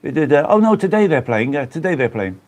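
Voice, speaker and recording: Man, live-stream host from the Black Country, casual and rambling, voice on the higher side. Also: sing-song, quick pace, darkish tone. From Black Country, England. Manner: rambling, chatty, greets viewers by name.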